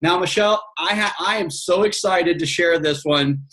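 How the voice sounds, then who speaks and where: Male host, upbeat and encouraging, slightly high voice, casual talk. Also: normal speed, a bit bright. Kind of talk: casual chat.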